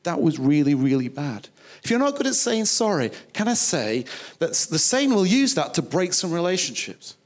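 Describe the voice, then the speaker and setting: A man's voice: on the high side, very animated, moderate pace. A man preaching a sermon, emphatic and conversational, acting out little quoted dialogues. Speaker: pastor.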